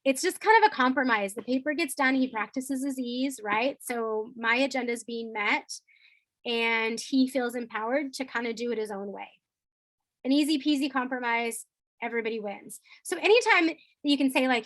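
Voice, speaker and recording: A woman teacher giving a training talk, lively and acting out playful phrases she uses with kids. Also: on the high side, moderate pace, dry recording, low-quality recording.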